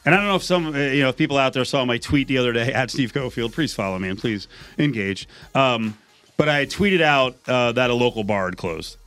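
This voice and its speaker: A man hosting a radio show, chatting in a lively, excitable way. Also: mid-range voice, brisk, clear, resonant tone. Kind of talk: casual chat.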